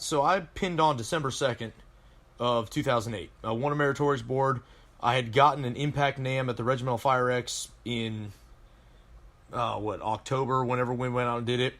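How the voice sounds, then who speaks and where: A man in his thirties, a Marine veteran from Colorado, spins long, loose stories on a podcast. His voice sits at an ordinary middle pitch, and he talks in a casual, profane way as he wanders from one memory to the next. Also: fairly bright tone. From Colorado, USA. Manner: rambling, profane war-story telling. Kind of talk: casual chat.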